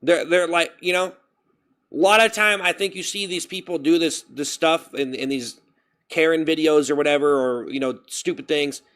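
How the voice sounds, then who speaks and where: A man chatting on his live stream, rambling and animated, breaking off to thank viewers for donations. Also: a little high, normal speed. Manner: rambling, animated, jumps to loud self-scolding; reads out and thanks chat donations. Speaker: livestreamer. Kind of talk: casual stream chat.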